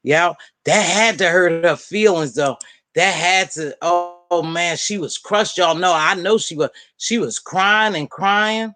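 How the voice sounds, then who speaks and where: A woman hosting a casual live-stream panel, chatting and gossiping in an animated way and calling out friends by name. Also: fairly low pitch, measured pace. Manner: animated, talks straight to viewers and friends by name. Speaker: panel host.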